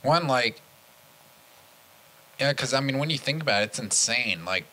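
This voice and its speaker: A man's voice: medium pitch, animated, normal speed, bright, forceful tone, low-quality recording. A man co-hosting a podcast, chatting in a laid-back, hesitant way. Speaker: podcast co-host. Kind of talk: casual chat.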